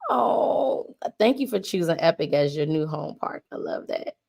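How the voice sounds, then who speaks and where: Livestream host, woman, slow preacherly delivery, emotional and homey. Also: low-pitched, expressive, vocal fry, darkish tone, breathy edge. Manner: homey and emotional, slipping into churchy cadence. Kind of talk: mock funeral tribute on a livestream.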